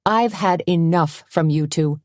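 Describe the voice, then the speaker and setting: A woman's voice: low voice, measured pace, darkish tone, no echo, studio quality. A woman voicing a no-nonsense middle-aged cafe owner in an audiobook, firm and dryly scolding. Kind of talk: audiobook character voice.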